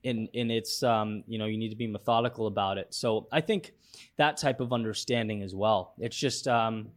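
A man's voice: on the low side, moderate pace. A man speaking as a podcast guest, thoughtful and full of fillers and restarts. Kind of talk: casual interview talk.

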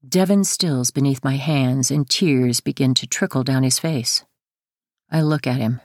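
A woman narrating her own memoir audiobook in a steady first-person storytelling manner. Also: extremely low pitch, measured pace, no room sound, clean studio sound.

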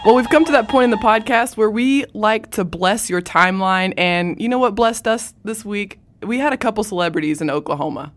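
An upbeat woman co-hosting a chatty podcast. She laughs easily and keeps things light, at a middle pitch. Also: a little fast, hardly any pauses, a little hiss or hum. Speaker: podcast co-host. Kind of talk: casual chat.

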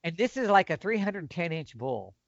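A man excitedly telling a hunting story, acting out the exchanges he quotes. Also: sits high, normal speed. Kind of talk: animated storytelling. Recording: dull lo-fi audio.

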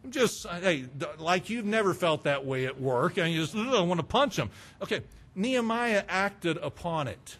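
A man preaching a sermon, fervent and emphatic, breaking into loud bursts. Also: high voice, expressive, moderate pace.

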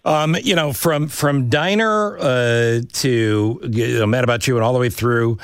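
A man's voice: medium pitch, measured pace, clean tone, no echo. A middle-aged man hosting a podcast, joking with a guest and then reading a jokey, promotional wrap-up. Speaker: podcast and radio host. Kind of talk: casual interview and show outro.

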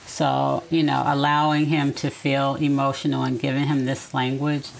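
Deep-voiced woman in her forties with a fry in her voice, reflective and gentle, casual conversational advice, faint background hiss. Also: level tone, normal speed, rough recording. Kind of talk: casual chat.

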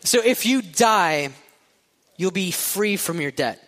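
A man's voice: sits high, lively intonation, slow, fairly bright tone, long reverb tail. A man preaching a sermon in a casual, conversational way, often checking in with "right?". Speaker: pastor.

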